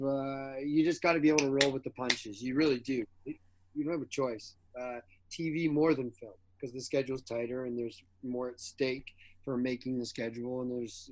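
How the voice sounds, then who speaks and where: A man as a guest actor in an interview, telling casual stories with animated energy, acting out the quoted dialogue and laughing often. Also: mid-range voice, normal speed.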